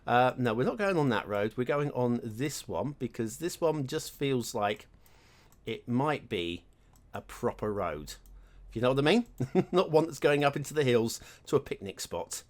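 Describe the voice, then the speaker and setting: A man hosting his own gaming channel, chatting and thinking aloud while commenting on his gameplay. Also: mid-range voice.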